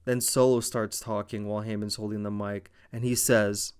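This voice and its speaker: A man's voice: on the low side, little pitch movement, normal speed, hardly any pauses, smooth. A man recapping a wrestling show in casual commentary, retelling it like a dramatic story with profane asides.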